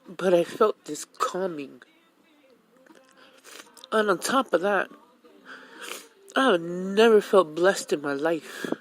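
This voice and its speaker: A woman's voice: fairly low pitch, expressive, slow pace, long pauses, poor audio. A woman from Hawaii, a mother, telling her own life story on the radio in a candid, emotional way. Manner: candid, emotional, retells conversations.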